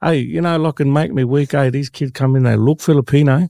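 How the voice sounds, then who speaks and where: An Australian man with a gravelly, dark voice hosts a relaxed chat. He tells his stories with animation and laughs often. The recording is dry and close. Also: medium pitch, a little fast, dry recording. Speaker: host. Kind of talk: casual conversational interview.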